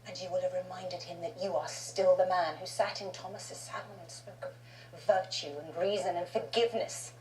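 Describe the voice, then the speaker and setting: An actress playing a poised aristocratic woman in a TV drama, speaking in a measured, earnest way that drops low and intense. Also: steady tone, close to an everyday voice. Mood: persuasive. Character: poised aristocratic woman confronting an old love. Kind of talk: TV drama dialogue. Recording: roomy clip with music underneath.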